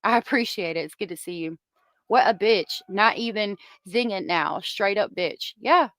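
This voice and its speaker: A woman's voice: medium pitch, moderate pace, a bit bright, dry recording. A woman hosting a heated commentary stream, ranting angrily and swearing at viewers into a close microphone. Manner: angry, profane, ranting at viewers. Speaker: commentary channel host. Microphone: close desk microphone.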